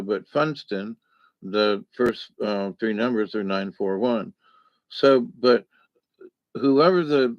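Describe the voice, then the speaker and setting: A man's voice: fairly low pitch, dry recording, dull audio. A man talking in a casual, rambling monologue, folksy and digressive, with lots of fillers. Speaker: vlogger.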